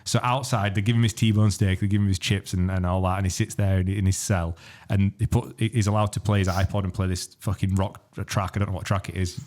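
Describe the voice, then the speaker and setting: A man with a fairly low voice talks through a film plot on a podcast. He rambles, restarts his sentences and swears freely, in a loose, casual chat. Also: flat delivery, a little fast, hardly any pauses, darkish tone. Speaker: podcast host.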